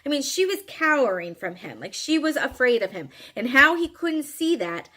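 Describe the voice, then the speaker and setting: Frank, high-voiced woman telling a story. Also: big pitch swings, moderate pace, bright, forceful tone. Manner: frank and emphatic, with casual swearing. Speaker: vlogger telling a personal story. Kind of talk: candid storytelling monologue.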